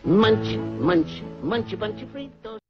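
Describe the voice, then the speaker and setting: The Frito Bandito, sing-song. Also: male voice, sits high, big pitch swings, takes it slowly, heavily acted. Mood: boastful. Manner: sing-song, cheerful, greedy. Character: cartoon corn-chip bandit from an old commercial, boastful. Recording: lo-fi old commercial with loud music.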